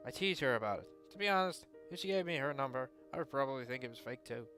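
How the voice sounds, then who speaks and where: A man's voice: medium pitch, lively intonation, fast, fairly bright tone, soft background music. A man playing and reading aloud a visual novel, joking and teasing, swearing freely between narrated lines. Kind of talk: casual gaming commentary with narration.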